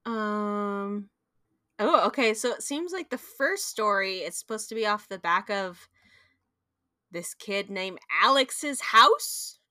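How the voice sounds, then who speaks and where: A woman's voice: mid-range voice, animated, slow, pushed and bright, no room sound, studio quality. A young woman co-hosting a podcast, chatting casually and telling stories animatedly with playful sound effects and laughter. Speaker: podcast co-host. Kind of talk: casual chat.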